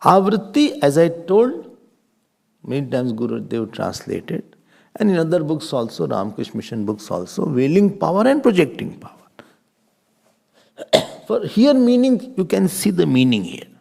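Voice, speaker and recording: A man's voice: a little high, very animated, moderate pace, gravelly, a little mellow. A man with an Indian accent teaching a scripture class in a playful, teasing way. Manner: playful, teasing, mixes in Hindi and Sanskrit terms. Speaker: Vedanta teacher.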